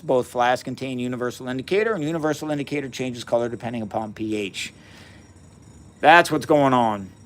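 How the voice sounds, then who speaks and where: A man's voice: on the high side, a bit bright, clean tone. Upbeat man in his fifties, livestream chat. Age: 50s. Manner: upbeat and folksy, greeting viewers by name. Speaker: science livestream host. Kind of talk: casual live-stream chat. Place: home basement.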